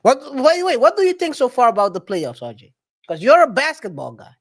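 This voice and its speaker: A man co-hosting a podcast in casual chat, halting and often repeating his words. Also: very high voice, huge pitch swings. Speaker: podcast co-host.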